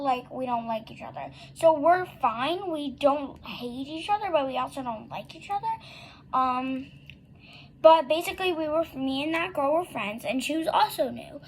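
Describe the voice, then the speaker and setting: Young girl, high voice, rambling storytime vlog, lots of fillers, faint room hum. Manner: rambling, many fillers and likes, acts out quoted dialogue.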